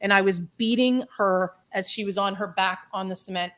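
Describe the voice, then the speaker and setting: A middle-aged woman telling her own life story on a podcast panel, candid and animated, laughing through the hard parts. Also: medium pitch, moderate pace. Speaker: podcast guest. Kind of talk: personal storytelling in a round table talk.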